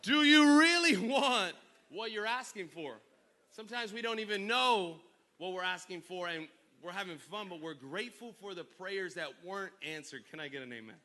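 A young adult man preaching a lively sermon in a church, telling playful stories and calling for responses from the congregation, with sudden loud bursts. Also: high-pitched, moderate pace. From Northern California. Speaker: pastor. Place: church sanctuary.

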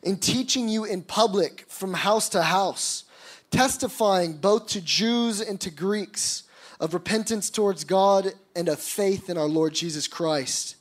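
A high-pitched male pastor delivering a sermon. He reads scripture passages aloud and then preaches on them, building to emphatic, rising stretches. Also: a little slow.

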